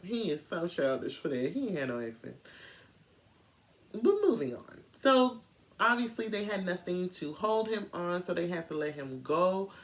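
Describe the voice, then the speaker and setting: A woman telling a true crime story in a casual, animated way, speaking straight to her viewers. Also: on the low side, normal speed.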